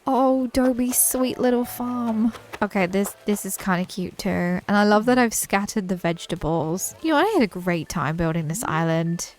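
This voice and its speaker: A woman's voice: mid-range voice, moderate pace, hardly any pauses. A woman from the UK with a British accent, giving a chatty, enthusiastic commentary as she tours a game island, laughing often. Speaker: gaming channel host. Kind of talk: casual game tour commentary.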